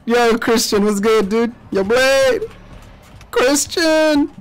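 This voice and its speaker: A young man streaming a shooter game, commenting loudly with profane trash talk and sudden yelps. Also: very high-pitched, takes it slowly, clean tone, soft background music. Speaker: gaming streamer. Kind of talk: live gameplay commentary.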